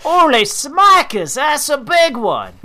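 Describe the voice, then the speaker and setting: A shrill, squealing Australian lady, all excited exclamations, as a man puts her on. She goes high and loud, the accent wobbling toward British, with a lively swing in every line. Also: slow, heavily acted. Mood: shrieking. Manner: exaggerated impression drifting toward British. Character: mock Australian woman angler, excitable.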